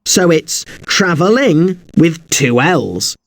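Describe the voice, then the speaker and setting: A man's voice: a little high, very animated, slow pace. A man teaching an English spelling lesson, polite and a little apologetic, who spells words out letter by letter.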